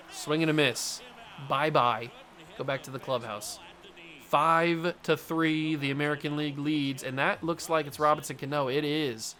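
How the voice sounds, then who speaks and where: A young man giving casual, jokey play-by-play commentary on a baseball video game he is playing, with sudden loud outbursts. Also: fairly high pitch, measured pace. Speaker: gaming YouTuber.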